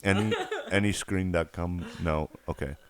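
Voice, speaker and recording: A man's voice: sits low, fairly even intonation, normal speed, a loud crowd, pitched below the performer's own voice, lightly acted. A man voicing a pushy male phone scam caller who is overly polite and pleading. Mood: chirpy.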